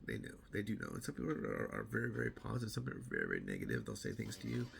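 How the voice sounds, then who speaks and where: Low gravelly fast-talking man. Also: wildly swooping pitch, a bit bright, a little hiss or hum. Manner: rambling, repeats words, acts out other people's lines. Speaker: weight-loss vlogger. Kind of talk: casual monologue to camera.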